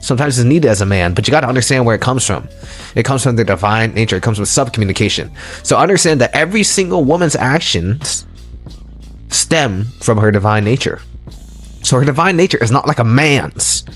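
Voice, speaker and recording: A man's voice: medium pitch, lively intonation, a little fast, slightly rough, faint music behind. A man giving a motivational monologue on dating, emphatic and repetitive, and he keeps firing rhetorical questions at the listener. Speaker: dating and self-help lecturer.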